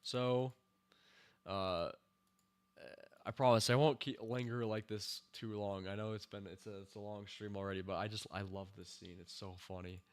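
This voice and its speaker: A man hosting a casual stream, reviewing a TV season scene by scene, rambling with fillers and breaking into excited cheers and laughter. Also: fairly low pitch, normal speed, clear, resonant tone. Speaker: show host reviewing a TV season.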